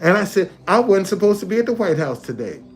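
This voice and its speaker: A man livestreams casually from a hotel, circling back to repeat and restate his points in a loose, conversational way. His voice is high-pitched, very animated and fast. Faint music plays behind him.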